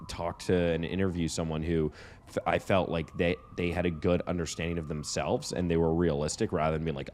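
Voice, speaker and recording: Brief: male podcast co-host, very low voice, loose and profane storyteller. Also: fairly even intonation, a little fast, darkish tone, slight background noise. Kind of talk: casual chat.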